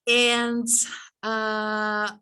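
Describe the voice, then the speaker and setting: A woman's voice: fairly high pitch, completely flat delivery, very slow, bright, forceful tone, smooth. A woman leading an online teaching workshop over a video call, engaging her listeners and checking in often with "okay?" and "right?". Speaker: teacher trainer.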